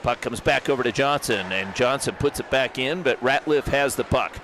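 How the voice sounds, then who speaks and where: A man doing live play-by-play of an amateur hockey game, brisk and jokey, rising to shouts on big plays. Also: mid-range voice. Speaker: play-by-play commentator. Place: hockey arena broadcast booth. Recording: rink commentary with loud crowd and arena noise.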